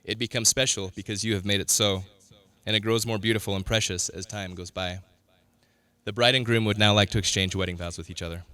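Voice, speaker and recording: A man officiating a wedding in a measured, formal and solemn way. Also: fairly low pitch, steady tone, sharp tone, smooth. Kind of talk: ceremonial officiating.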